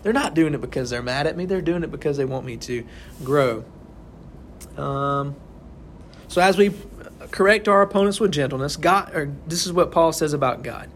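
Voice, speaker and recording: A young man's voice, on the high side and a bit bright, moves at normal speed with lively intonation. He's leading a casual Bible study, speaking conversationally to a small group in an informal sermon and checking in with "right?" repeatedly. A little hiss or hum can be heard.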